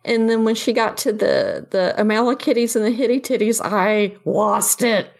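A woman's voice: a little high, normal speed, gravelly. A woman co-hosting a podcast, telling stories in a casual chat. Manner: storytelling, animated quoting of others. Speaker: podcast co-host.

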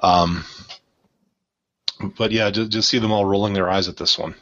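A man's voice: lowish voice, fairly even intonation, moderate pace, fairly bright tone. A man in a casual discussion, talking in a rambling, irreverent and jokey way. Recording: dull lo-fi sound.

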